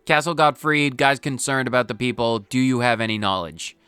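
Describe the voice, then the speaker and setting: A man's voice: medium pitch, brisk, sharp tone, clear, resonant tone, no room sound. A man commenting playfully on his own game playthrough, joking and explaining his jokes as he goes. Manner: playful, jokey, self-explaining. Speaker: gaming channel host. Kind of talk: let's play commentary.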